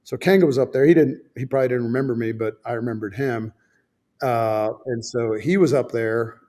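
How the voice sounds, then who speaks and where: A man in his fifties, a former fighter pilot, in the middle of a loose, unhurried story. His pitch sits in an ordinary middle range. His talk is full of "uh", false starts and casual swearing, and he takes shots at himself along the way. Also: dark tone. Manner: swears freely, self-deprecating, many fillers and restarts.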